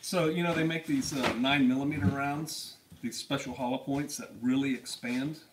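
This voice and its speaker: A man's voice: mid-range voice, fairly even intonation, moderate pace. A man co-hosting a casual live stream, telling stories with lots of laughter and acting out other voices. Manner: laughing storyteller, acts out quotes in a raised voice. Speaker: podcast co-host. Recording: distant mic, faint noise.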